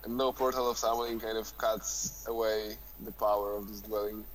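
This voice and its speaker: A man's voice: on the low side, monotone, moderate pace, a little hiss or hum, poor audio. A man co-commentating a live strategy game, trading teasing jokes with the other hosts. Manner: joking, teasing banter.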